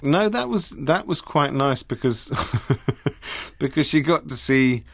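A middle-aged British actor chatting as an interview guest, warm and rambling with frequent restarts. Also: male voice, fairly high pitch, lively intonation, slow pace, vocal fry, no echo, clean studio sound. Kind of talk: interview chat.

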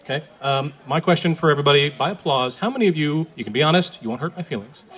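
A man's voice: a little high, fast talker, a bit bright. A man co-hosting a live podcast taping, joking playfully with the audience. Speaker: podcast co-host. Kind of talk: live podcast panel chat.

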